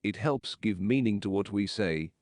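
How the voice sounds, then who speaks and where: A man narrating an English lesson in slow, measured, explanatory sentences. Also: lowish voice, lively intonation, a little mellow, no echo.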